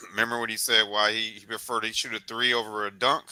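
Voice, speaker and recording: A man hosting a sports podcast interview, talking in a loose, encouraging, coach-like way and beating out rhythms with repeated boom sounds. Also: level tone, moderate pace, bright, forceful tone, dry recording, rough recording. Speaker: podcast host. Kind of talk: casual sports interview chat.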